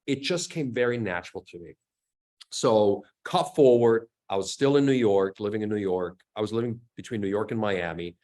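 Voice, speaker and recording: Animated storytelling man in his fifties. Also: on the low side, moderate pace. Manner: animated storyteller acting out quotes and sound effects. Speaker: guest, action actor. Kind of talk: casual storytelling interview.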